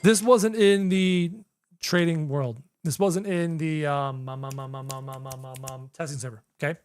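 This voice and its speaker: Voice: mid-range voice, moderate pace, darkish tone. A young adult game streamer doing live gameplay commentary, chatty, talking to chat and repeating phrases while figuring things out.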